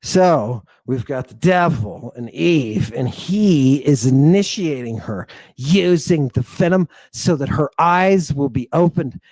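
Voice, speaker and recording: A man delivers an impassioned lecture at a very slow, deliberate pace, leaning hard on each point. His voice sits a little high for a man. He repeats phrases and keeps checking in with his listeners. The recording is close and dry, with no room sound. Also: expressive, darkish tone, dry recording. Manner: emphatic, repeats phrases, keeps asking "right?". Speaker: lecturer on ancient texts.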